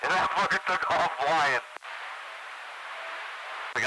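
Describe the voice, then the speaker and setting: A man's voice: medium pitch, fairly quick, poor audio. A man co-hosting a radio show, chatting casually and swearing constantly through his stories. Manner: profane, swears constantly while telling stories. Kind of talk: casual chat. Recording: loud background noise.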